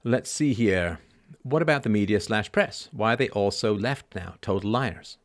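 A man in his fifties hosting a live show, talking in an animated, sarcastic way. He swings from quiet asides to loud, emphatic outbursts and keeps asking "right?". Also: fairly low pitch, moderate pace. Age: 50s. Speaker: show host.

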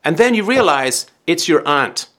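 A man hosting a call-in advice show, talking in an animated, dramatic way and acting out scenes to make his point. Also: on the high side, normal speed. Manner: animated, dramatic, acts out scenarios.

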